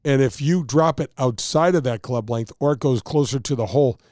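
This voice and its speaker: A man's voice: mid-range voice, a little fast, darkish tone, no echo, clean studio sound. A man, a touring golf pro, explaining rules and telling stories in a casual chat, acting out quotes and laughing at himself.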